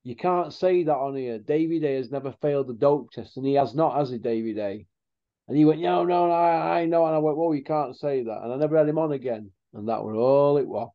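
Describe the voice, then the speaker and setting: A man's voice: medium pitch, brisk. A man hosting a casual chat, telling rambling stories in blunt slang. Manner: rambling storyteller, blunt northern English slang. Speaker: host. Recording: dull lo-fi sound.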